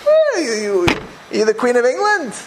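A man's voice: extremely high pitch, huge pitch swings, moderate pace, noisy background, pitched above the performer's own voice, full character voice. A man imitating an indignant, haughty woman who acts like royalty, exclaiming in outrage.

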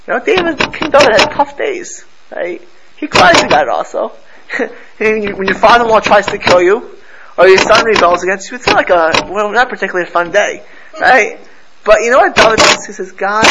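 A man's voice: sits high, expressive, normal speed, heavy background noise. A man teaching a casual religious class to a live group, chatty, often asking his listeners "right?" and weaving prayer phrases into his talk.

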